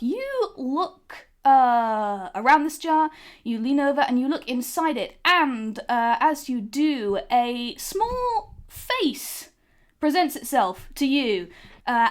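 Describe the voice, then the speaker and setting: A woman narrating as game master of a tabletop game, hesitant and full of filler words. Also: a little high. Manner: hesitant, many ums and uhs.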